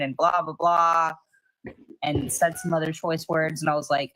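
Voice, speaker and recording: Woman, low-pitched, rambling conversational storyteller for a radio talk panel. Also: flat delivery, unhurried, fairly bright tone, poor audio. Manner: rambling storyteller, heavy on filler "like". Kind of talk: casual chat.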